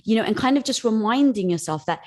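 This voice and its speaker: A woman's voice: a little high, animated, fast, darkish tone. Earnest, encouraging woman guest. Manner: earnest and encouraging, calls the host girl. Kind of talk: candid conversation.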